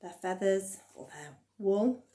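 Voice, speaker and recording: A woman leading a baby rhyme and story session as a children's librarian, gently encouraging parents to join in. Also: medium pitch, animated, slow.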